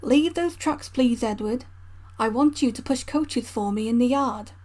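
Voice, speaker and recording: A woman's voice: fairly high pitch, a little slow, mellow. A woman voicing a stern, portly male railway boss who is kind underneath, speaking in a severe, formal way.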